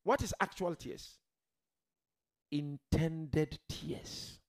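A man preaching a religious sermon to a seated gathering, emphatic, swinging from loud declarations to quiet murmurs and addressing the listeners directly. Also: a little high, drawn-out words. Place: gathering hall with a seated audience.

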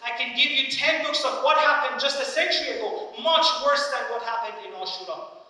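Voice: high voice, brisk, bright, forceful tone. A religious lecturer giving a sermon, talking emphatically and asking rhetorical questions. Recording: echoey hall from far off.

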